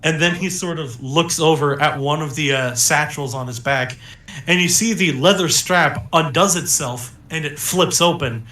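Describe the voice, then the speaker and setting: A man's voice: a little high, normal speed, pushed and bright, roomy sound. A young man narrating a tabletop game as game master, laid-back, with lots of fillers and little chuckles.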